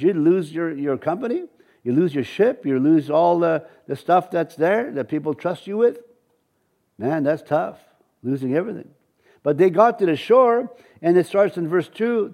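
A pastor with an Ojibwe accent preaching a sermon and reading scripture, halting often with restarts and fillers. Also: male voice, a little high, mellow.

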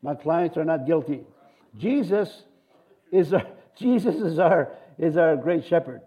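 A middle-aged male pastor preaches with a high-pitched voice. He is animated and lively, breaking into cheers and amens, and drops in joking asides between his points. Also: unhurried, husky. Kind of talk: sermon.

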